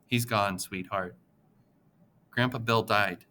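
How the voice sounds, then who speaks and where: A man's voice: fairly low pitch, fairly even intonation, takes it slowly, sharp tone. A man voicing a grieving, tender elderly grandmother who consoles her grandchild.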